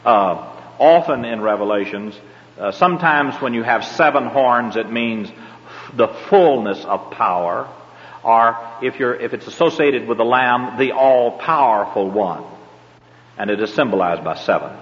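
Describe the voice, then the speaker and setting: A man's voice: mid-range voice, unhurried. An older man with a Southern accent teaching a Bible class, rambling and folksy, with frequent hesitations. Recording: dull lo-fi tape in a reverberant hall.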